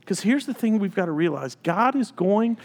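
A man's voice: high-pitched, big pitch swings, normal speed, in a large hall. A man preaching a sermon as a pastor, emphatic and repeating phrases for effect.

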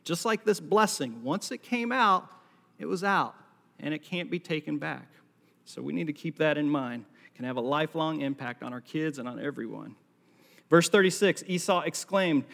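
A man's voice: fairly high pitch, animated, normal speed, creaky, fairly bright tone. Man preaching in a reverberant hall. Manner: storytelling, acts out the quoted lines, jokey asides. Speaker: pastor. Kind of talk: sermon. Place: large hall with a live congregation.

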